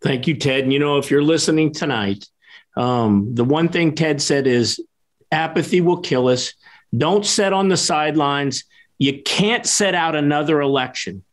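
A man with a fairly high voice closes out a show as co-host. He speaks to listeners plainly, with encouraging direct appeals. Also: moderate pace. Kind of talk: show wrap-up, addressing listeners.

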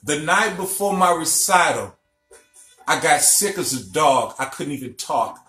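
Middle-aged male teacher from Illinois, emphatic storyteller, unhurried delivery, echoey room with faint music. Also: on the high side, animated, bright, forceful tone. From Illinois, USA. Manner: emphatic storyteller, checks in with listeners. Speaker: spiritual teacher. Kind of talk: recorded lecture broadcast.

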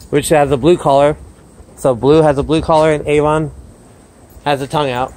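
In a casual outdoor vlog, a dog trainer in his yard explains his dogs' behaviour and cheerfully calls to them by name between explanations. His voice is on the high side, and the rough recording carries slight background noise.

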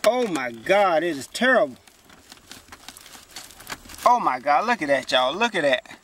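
Man, high voice, chatty, exclaims a lot, casual how-to vlog, inside a car, faint hiss. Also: sing-song, measured pace, fairly bright tone. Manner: chatty, exclaims often, talks straight to viewers. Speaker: vlogger.

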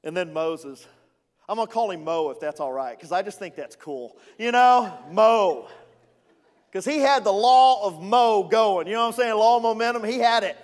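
High-voiced playful preaching man. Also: normal speed, big-room sound. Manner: playful, conversational preaching with asides to the congregation. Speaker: executive pastor. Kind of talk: sermon.

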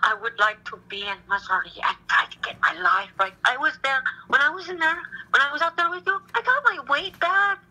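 Bright, anxious, rambling young woman. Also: high-pitched, expressive, brisk, few pauses, low-quality recording. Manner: rambling, anxious, repeats herself; swears casually. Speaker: caller. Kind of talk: recorded phone call.

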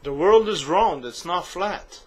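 A man's voice: high voice, lively intonation, a little slow, slightly rough. A man delivering a comedic political monologue to camera, sarcastic and mocking, with crude asides. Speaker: political vlogger.

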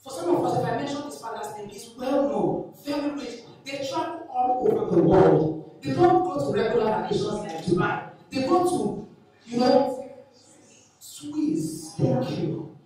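A woman's voice: high-pitched, expressive, unhurried, mellow. A woman in her forties, a family teacher giving an earnest, impassioned talk to an evening audience and repeating her points for emphasis. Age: 40s. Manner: earnest, repetitive, builds to emotional emphasis. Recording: very echoey hall, distant mic.

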